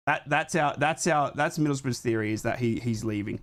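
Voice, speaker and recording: A young man with a hoarse voice from a chest infection, hosting a live football watchalong, chatting to his viewers between calls on the match. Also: medium pitch, a little fast, hardly any pauses, a bit bright. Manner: chatty, talks to his live chat while fixing things on the fly. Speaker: watchalong host.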